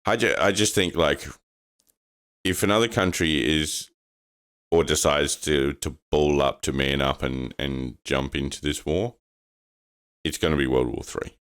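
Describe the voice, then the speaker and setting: A man's voice: very deep voice, unhurried, pauses often, clean tone. A man co-hosting a casual podcast chat, telling stories with lots of swearing and acting out quotes. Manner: animated storytelling, swearing, acts out quotes in raised voice. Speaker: podcast co-host.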